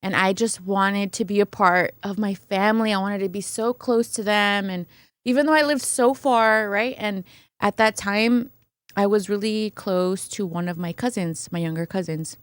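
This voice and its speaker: Her voice sits at medium pitch, clear and resonant, at a moderate pace, captured in clean studio sound without room noise. As a podcast guest, this woman tells a personal story casually, animatedly acting out quotes and often tacking on "right?".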